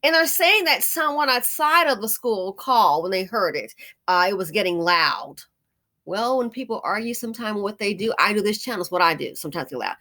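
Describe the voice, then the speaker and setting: A woman hosting her own commentary channel, talking casually and with strong opinions, often pausing with fillers as she thinks aloud. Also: medium pitch, animated, sharp tone.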